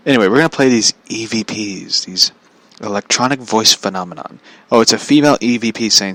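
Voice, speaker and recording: A man hosting a podcast in a casual chat, rambling and halting, with many "like" fillers and chuckles. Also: lowish voice, fairly bright tone, no room sound. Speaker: podcast host.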